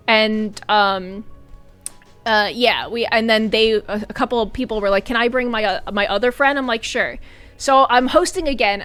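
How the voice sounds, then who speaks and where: Young female streamer, bright animated storyteller, high-ish voice over faint background music. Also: smooth. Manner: animated, laughs often, sudden high squeals and shouts. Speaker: VTuber streamer. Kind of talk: casual storytelling chat with viewers.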